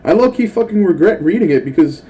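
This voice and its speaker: A young adult man hosting a mobile game channel, telling profane, animated stories in casual gaming commentary. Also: high-pitched, fast. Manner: profane, animated storytelling rant.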